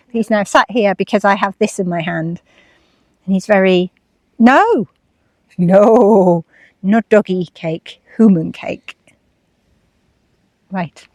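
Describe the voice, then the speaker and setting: A woman's voice: medium pitch, no echo. A woman vlogger talking casually, chatty and acting out her own inner voices. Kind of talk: casual chat.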